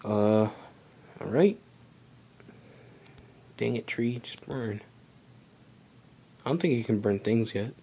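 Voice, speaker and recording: Low-voiced young man chatting through a game. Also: slow pace, pauses often, dark tone, breathy edge. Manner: rambling, chatty, self-talk while playing. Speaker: gaming channel host. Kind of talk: casual let's play commentary.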